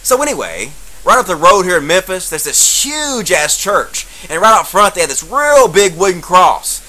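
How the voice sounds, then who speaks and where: A man's voice: high voice, very animated, moderate pace, sharp tone, rough recording. A man, telling a profane, sarcastic comic story as a rant monologue. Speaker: comedian.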